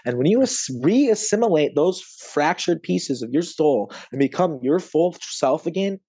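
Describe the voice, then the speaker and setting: Close to tears, a man guesting on a podcast talks emotionally and rambles with lots of fillers, swearing now and then. His voice is a little high, warm and slightly rough, with lively intonation and a somewhat slow pace, and there's no room sound.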